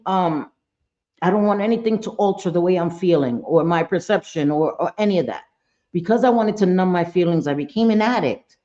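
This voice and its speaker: A woman's voice: medium pitch, warm tone, lo-fi sound. A woman hosting a casual livestream chat, blunt and talkative, swearing freely and greeting viewers by name. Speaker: livestream host.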